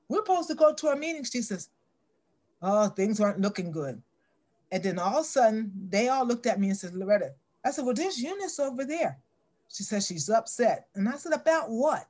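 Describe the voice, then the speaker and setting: A middle-aged woman telling a story in an interview, acting out the dialogue with lively shifts in voice. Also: medium pitch.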